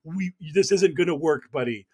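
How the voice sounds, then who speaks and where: Slightly rough and a little mellow, this man's high-leaning voice moves at normal speed. Co-hosting a podcast, he jokes his way through political news with mocking, casual chatter, frequent laughter, and filler-heavy rambling.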